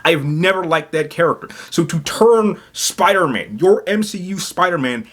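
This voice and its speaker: A man's voice: a little high, animated, moderate pace, fairly bright tone. A man hosting a gaming vlog, talking casually in an agitated, emphatic rant, stumbling and repeating words as he goes. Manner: rambling, repeats words and restarts often. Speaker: gaming YouTuber.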